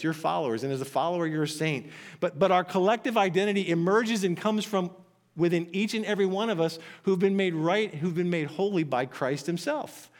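A man preaching a sermon from scripture, earnest and emphatic, often repeating phrases. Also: high-pitched. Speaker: pastor.

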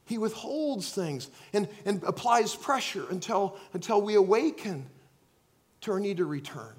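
A man preaching a sermon, swinging between loud acted-out outbursts and quiet, earnest asides. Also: high voice, animated, measured pace. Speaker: pastor.

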